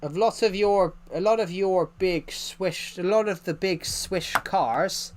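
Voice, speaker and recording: A man's voice: high-pitched, slow, slight background noise. A man with an English accent, chatting casually with his stream viewers and often restarting his phrases. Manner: rambling, repeats and restarts phrases. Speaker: live streamer reading chat.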